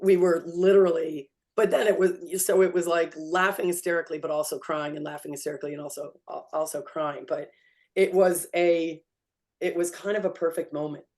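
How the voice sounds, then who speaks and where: A woman co-hosting a podcast, telling a personal story in an animated way with laughter and free swearing. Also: lowish voice, brisk. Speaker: podcast co-host. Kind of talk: casual storytelling chat.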